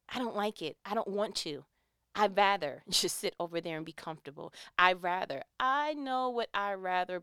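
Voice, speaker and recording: A woman from New York with a New York accent, giving a lively, laughing faith talk and acting out little quoted scenes. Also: fairly low pitch, smooth, no echo, studio quality. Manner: animated, laughing, acts out quotes.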